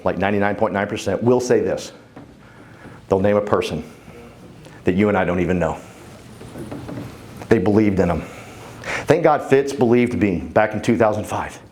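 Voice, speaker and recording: A mid-range, somewhat mellow voice belongs to a keynote speaker in his 50s. He gives a motivational conference talk full of fervor and jokes, speaking directly to the audience.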